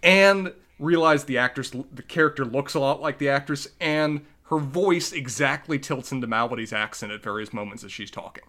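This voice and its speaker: A man's voice: medium pitch, normal speed, hardly any pauses, bright, forceful tone. A man co-hosting a casual podcast recap, joking in a sardonic, exaggerating way. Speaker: podcast co-host.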